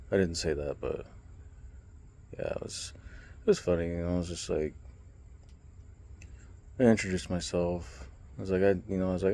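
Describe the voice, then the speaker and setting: A man's voice: deep voice, normal speed, gravelly, long pauses, a little hiss or hum. A young man rambling casually in a late-night vlog, telling stories with lots of fillers. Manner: rambling, relaxed storytelling with many fillers. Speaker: vlogger and streamer.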